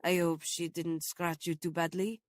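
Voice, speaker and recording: Brief: woman narrator playing a gruff male groundskeeper, heavily accented, low growl, curt. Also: little pitch movement, unhurried, no room sound, clean studio sound, close to an everyday voice. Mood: deferential. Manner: curt, blunt, then stiffly polite. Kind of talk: audiobook character voice.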